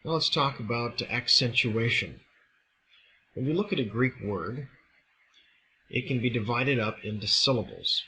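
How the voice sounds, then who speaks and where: A man teaching a recorded lesson, explaining step by step in a measured way. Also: mid-range voice, sharp tone, a little hiss or hum, poor audio. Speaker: Greek teacher. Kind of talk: recorded classroom lecture.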